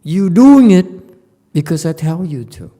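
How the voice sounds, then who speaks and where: A man's voice: on the high side, animated, a little slow, warm tone. A male Buddhist teacher giving an informal Dharma lecture in a meditation center hall, speaking bluntly and scolding, repeating words for emphasis.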